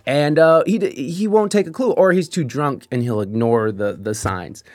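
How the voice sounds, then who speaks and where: A man's voice: mid-range voice, moderate pace, darkish tone, no echo, clean studio sound. A man telling casual, rambling stories from his job, swearing often and laughing as he goes. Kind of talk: casual storytelling.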